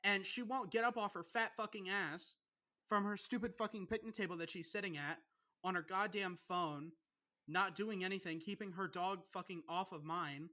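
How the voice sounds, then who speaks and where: Cursing nearly constantly, a young podcast co-host works himself up into a rant in a casual show. He sounds animated and aggrieved, his bright, forward, high-pitched voice moving at a normal pace.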